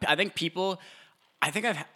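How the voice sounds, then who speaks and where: A man's voice: sits high, moderate pace, pushed and bright. A young man co-hosting a casual podcast, rambling through half-finished sentences and laughing often. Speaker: podcast co-host. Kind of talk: casual crude podcast banter.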